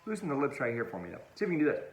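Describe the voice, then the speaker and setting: A man's voice: medium pitch, sing-song, racing. A man teaching an online music lesson for kids, upbeat and playful, speaking straight to the viewer. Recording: roomy echo.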